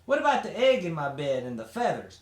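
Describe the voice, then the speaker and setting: A worried but stubborn little girl, put on by a man reading aloud, earnest and a little pleading. Her voice sits up high and swings widely. The room adds a roomy echo. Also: huge pitch swings, brisk. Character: anxious stubborn young girl, picked-on little sister.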